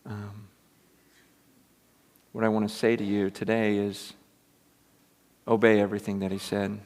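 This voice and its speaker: A man preaching a sermon in a lively, animated way, acting out quotes and building to loud, excited peaks. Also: lowish voice, a little slow. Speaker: pastor. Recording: long reverb of a large hall.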